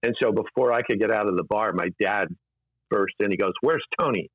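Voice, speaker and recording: A man's voice: fairly low pitch, fairly even intonation, fairly quick, no room sound. A man, an interview guest, telling rambling anecdotes casually with many fillers and restarts, in a dull, dry lo-fi recording.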